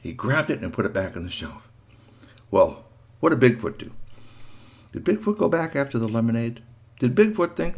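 A man telling a children's story aloud, animated, with sound effects and playful asides. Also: medium pitch, moderate pace, long pauses.

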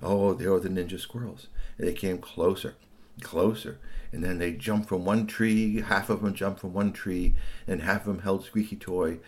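A man telling a children's story aloud, swooping between hushed asides and excited bursts. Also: low voice, moderate pace.

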